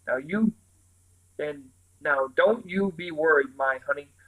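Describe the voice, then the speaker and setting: A quaint, whimsical old woman with a chirpy manner and a slightly high voice, as a male reader puts her on. She talks in an old-fashioned, fanciful way, as in a storybook read aloud. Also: slow pace, sharp tone, dry recording, exaggerated voice, poor audio. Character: eccentric old woman visitor, bundled and whimsical.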